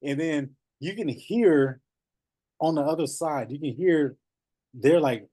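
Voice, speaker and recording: A man coaching notaries in a casual, animated talk, laughing often and repeating phrases. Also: mid-range voice, moderate pace, no echo.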